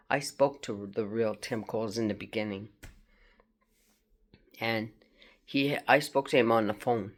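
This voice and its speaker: A woman from France, speaking in a halting, rambling personal video monologue and confronting unseen hackers. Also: a bass voice. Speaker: vlogger.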